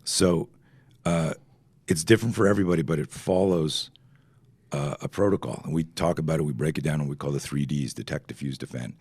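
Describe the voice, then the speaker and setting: A middle-aged man from Canada, a self-defense instructor telling stories as a podcast guest, animated and swearing freely while acting out quoted dialogue. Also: extremely low pitch, fairly quick, breathy edge, no echo, clean studio sound. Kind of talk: podcast interview storytelling.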